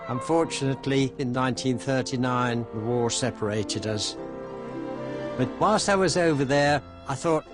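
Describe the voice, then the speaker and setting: A man's voice: mid-range voice, moderate pace. Old guy telling fond stories, dry jokes, violin music playing behind him. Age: older. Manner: fond, storytelling, dry humor. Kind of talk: recalling memories in an interview.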